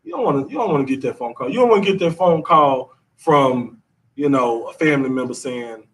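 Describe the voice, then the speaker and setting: High-voiced man teaching scripture. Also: expressive, fairly quick, recorded from a distance. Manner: conversational, repeats himself, drawling slang.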